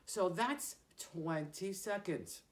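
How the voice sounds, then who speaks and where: A woman who entertains children, speaking to young kids in a gentle, sing-song way with exaggerated emphasis. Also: on the low side, expressive, slow pace.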